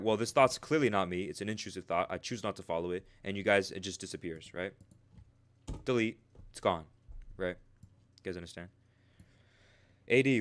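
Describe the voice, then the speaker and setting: Low-voiced man teaching on a live stream. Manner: tags nearly every sentence with "right?"; slangy and talkative, answers chat. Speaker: trading coach streaming live. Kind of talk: casual livestream teaching.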